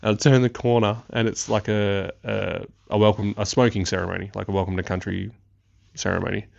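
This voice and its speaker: Low-voiced, swearing guy. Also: brisk, creaky, dry recording, lo-fi sound. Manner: excitable, swears freely, laughs often. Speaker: podcast host. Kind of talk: casual storytelling.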